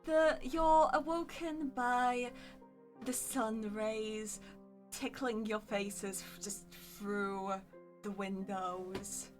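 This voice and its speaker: A woman acting as game master, narrating a tabletop game scene in a gentle, descriptive way. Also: a little high, steady tone, extremely slow, soft background music.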